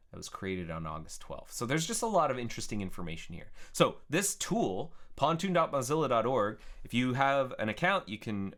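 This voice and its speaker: A man chatting casually as he codes on a live stream, thinking aloud in a relaxed way. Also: on the low side. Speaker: software developer streaming his work. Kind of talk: casual live-coding narration.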